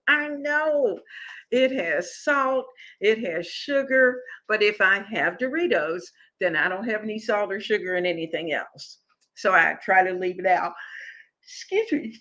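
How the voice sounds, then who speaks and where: Slow, bright-voiced woman hosting a cooking chat. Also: mid-range voice. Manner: unhurried, chatty, answers viewer comments. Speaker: cooking show host. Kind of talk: casual live-stream cooking talk.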